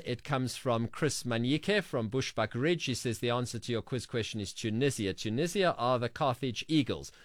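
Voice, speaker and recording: A man's voice: medium pitch, a bit bright, dry recording, studio quality. A man hosting a radio sports show, reading listener messages and quiz answers aloud in a chatty way. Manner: chatty, reads names and quiz answers briskly.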